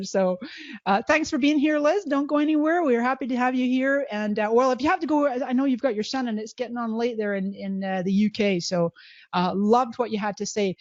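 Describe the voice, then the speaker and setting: Scottish woman, middle-aged, lively live-stream host, fairly high voice, dull video-call sound. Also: no echo. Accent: Scottish with some Californian. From Scotland. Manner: bubbly, quick, with frequent laughs and restarts. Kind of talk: live-stream webinar hosting. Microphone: video call microphone. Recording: dull, lo-fi web call audio.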